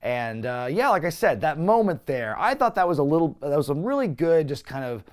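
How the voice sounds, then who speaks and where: A man hosting a show, casually recapping a wrestling broadcast with wry, animated storytelling. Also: fairly high pitch, brisk. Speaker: podcast host.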